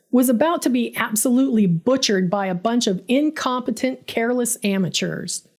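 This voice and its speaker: A woman's voice: fairly high pitch, darkish tone. A woman narrating her own first-person story, dramatic and bitter in tone.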